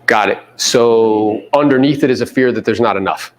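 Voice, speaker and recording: A man coaching real estate agents in a live seminar, animated, acting out quotes and swearing casually. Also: on the low side, normal speed. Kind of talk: live seminar talk to an audience.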